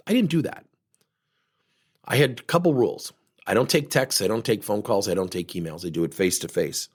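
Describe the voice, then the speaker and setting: A middle-aged man giving a motivational talk as a former coach, telling stories in an animated way and acting out the people in them. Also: lowish voice, fairly quick, slightly rough. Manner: animated storytelling, acting out quotes.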